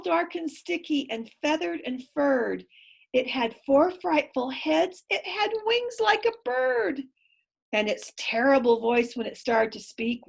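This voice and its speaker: A woman reading a picture book aloud to young children, stopping often to ask them what they think and gasping at each surprise. Her voice is high, the pace is slow and gentle, and there is a gravelly fry in her tone. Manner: asks children questions, expressive and exclamatory. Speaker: children's storytime reader.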